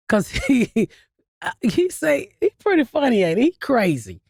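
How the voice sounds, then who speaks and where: A woman's voice: fairly high pitch, wildly swooping pitch, a little slow, vocal fry, a little mellow, slightly rough, no echo, studio quality. A woman comedian in her fifties, a blunt and profane storyteller who laughs through her stories as a guest. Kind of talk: casual interview storytelling.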